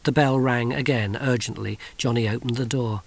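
A man reading a novel aloud in measured, wry audiobook narration. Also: mid-range voice, steady tone, vocal fry.

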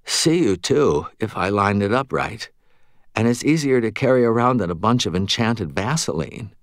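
A man voicing an exhausted young female wizard apprentice, her speech slurred and listless with wry humor, with a lively voice. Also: lowish voice, normal speed, no echo, clean studio sound, natural voice. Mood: tired, wry. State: slurred with fatigue.

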